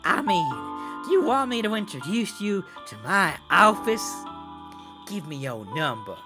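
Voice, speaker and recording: A woman hosting a horror game let's play, talking loudly and excitably, swearing and laughing as she plays. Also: fairly low pitch, unhurried. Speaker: gaming video host. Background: game music.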